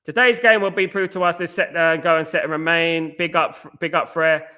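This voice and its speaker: Animated man with a bright, high voice. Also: a little fast. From East London. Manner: animated, argumentative, repeats "at the end of the day"; addresses chatters by name. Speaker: podcast host reading live chat. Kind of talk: casual live-stream commentary.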